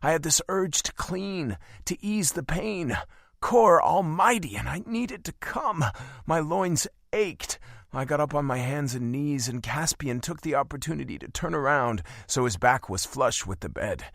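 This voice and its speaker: A man reading first-person romance narration for an audiobook, with an intimate, expressive delivery. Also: fairly high pitch, measured pace, creaky, no echo, studio quality.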